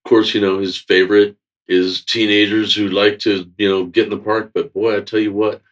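A man's voice: lowish voice, level tone, moderate pace. A man talking in a folksy, admiring way in a casual interview. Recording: dull, distant mic sound.

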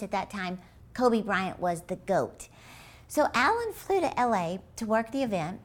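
Lively Christian motivational speaker woman. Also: fairly high pitch. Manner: lively, expressive, storytelling with emphasis. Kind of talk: animated motivational talk.

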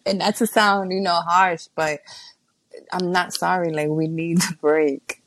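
A woman's voice: on the low side, fairly even intonation, a little slow, fairly bright tone, a little hiss or hum, low-quality recording. A young woman and mom co-hosting a casual chat, blunt and joking, laughing often. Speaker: podcast co-host, mom.

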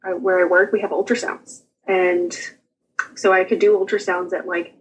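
A young woman, a guest on an interview show, chatting casually and quickly about her own experiences, often laughing as she tells them. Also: fairly low pitch, little pitch movement, slight background noise, low-quality recording. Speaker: guest sharing her birth story. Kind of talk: casual personal storytelling.

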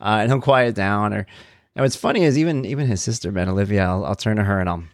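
A middle-aged man hosting his own podcast from home, talking in a relaxed, chatty monologue. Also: lowish voice, fast talker, no echo, clean studio sound. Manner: relaxed, conversational, chatty asides. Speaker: podcast host. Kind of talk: casual personal monologue. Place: home room.

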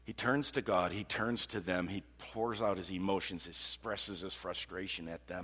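A man preaching a sermon in an animated way, repeating words and swinging from loud outbursts to hushed tones. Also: deep voice, moderate pace, hardly any pauses, husky. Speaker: pastor. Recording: long hall reverb.

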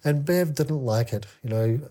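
A man telling a candid personal story as a podcast guest, halting with many fillers and restarts. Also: medium pitch, mellow.

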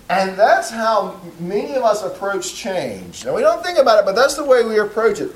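A man's voice: high voice, sing-song, moderate pace, hardly any pauses, echoey room, slight background noise, low-quality recording. Conversational man preaching a sermon. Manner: storytelling, acts out a comedy sketch; conversational, loud bursts for emphasis. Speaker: pastor.

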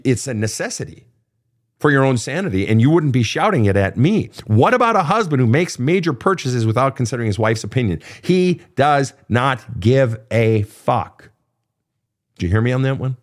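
Blunt, profane man with lively pitch. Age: middle-aged. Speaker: relationship counselor and podcast host. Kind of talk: casual advice monologue.

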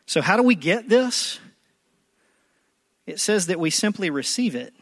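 Preacher guy giving a sermon, kinda high voice, goes quiet then loud, dry close sound. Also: no room sound. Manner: dramatic swings from hushed to loud, acts out prayers. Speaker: pastor.

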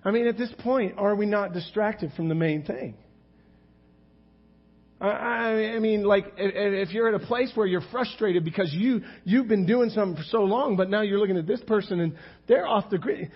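A man's voice: sits high, moderate pace, slightly rough, highs cut off. A male pastor preaching a sermon in a conversational, rhetorical way, often calling out to the congregation.

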